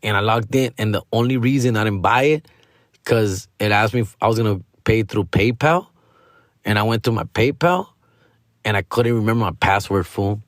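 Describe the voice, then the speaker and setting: A man's voice: lowish voice, moderate pace, no echo, studio quality. A middle-aged man hosting a comedy podcast, telling a story in a casual, slangy way, full of swearing and with Spanish phrases mixed in. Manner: profane, slangy, animated, mixes in Spanish phrases.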